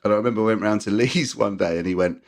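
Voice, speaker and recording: A middle-aged man from England, a punk musician chatting as a podcast guest, who acts out the people in his stories and laughs often. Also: fast. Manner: animated storyteller, acts out quotes in high voices, laughs often. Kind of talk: casual chat.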